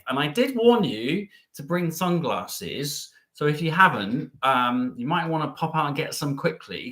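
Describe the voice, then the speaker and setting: A man hosting a live travel stream, chatting cheekily with his viewers and letting his voice swing up and down. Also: pushed and bright. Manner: cheeky, bubbly, jumps up and down in pitch.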